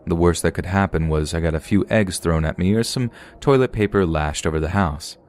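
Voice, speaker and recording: A man with an extremely deep, low voice narrates a scripted first-person horror story. He tells it in a steady, even way and draws out the tense parts. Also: fairly quick, slight background noise.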